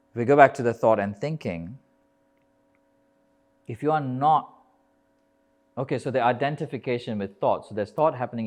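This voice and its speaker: Emphatic male yoga teacher. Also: medium pitch. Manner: emphatic, rhythmic lists, casual swearing. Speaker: yoga teacher giving a talk. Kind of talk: live motivational talk. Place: yoga festival talk, indoors.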